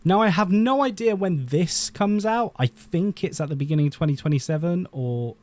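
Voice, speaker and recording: A man's voice: sits high, expressive, moderate pace, a little mellow. Chatty man giving film opinions. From Britain. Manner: chatty and opinionated, with frequent "um" and restarts. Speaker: YouTube film commentator. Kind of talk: casual opinion vlog.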